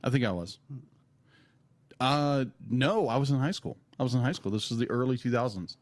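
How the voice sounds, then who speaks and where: A man's voice: medium pitch, normal speed. Young guy cohost, rambly storyteller, laughs a lot, middle-of-the-road voice. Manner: rambling, laughs often, repeats himself. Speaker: podcast co-host. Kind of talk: casual chat.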